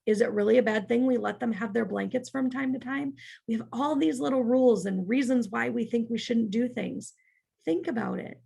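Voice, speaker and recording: A woman's voice: on the high side, normal speed, gravelly, warm tone, husky. A woman leading a childcare staff training in a church parlor, practical and often checking in with "right?".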